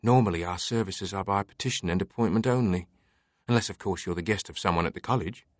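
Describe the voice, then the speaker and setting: A man's voice: deep voice, fast, no room sound, clean studio sound, close to an everyday voice. A man voicing a cheerful, erudite British woman librarian with a fluid voice, talking in a chatty, teasing way. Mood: hesitant. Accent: British (put on for the figure). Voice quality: pleasingly fluid voice. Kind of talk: audiobook character voice.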